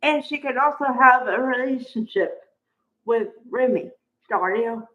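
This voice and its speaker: A woman's voice: a little high, a little slow. A woman chatting casually through a soap opera recap, acting out the characters' lines with exclamations. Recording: dull lo-fi audio.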